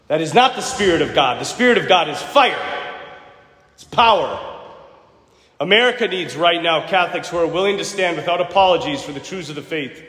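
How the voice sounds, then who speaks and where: A fired-up male preacher with a high, lively voice that swings widely from low murmurs to ringing shouts. He preaches a sermon in a large church, and every word rings out with a long, echoing reverb. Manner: impassioned, rising to shouts, acts out quoted voices. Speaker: priest.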